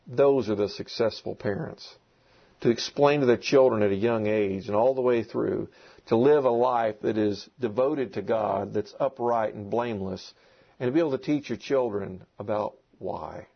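A man's voice: mid-range voice, creaky, breathy edge. A man preaching a sermon to a congregation, emphatic and repeating key words. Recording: dull lo-fi recording.

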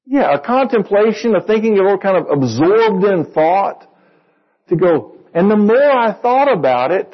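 A man's voice: high-pitched, very animated, normal speed, breathy edge, muffled recording. A man preaching a sermon to a congregation in a conversational way, reading verses and asking them questions. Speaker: pastor.

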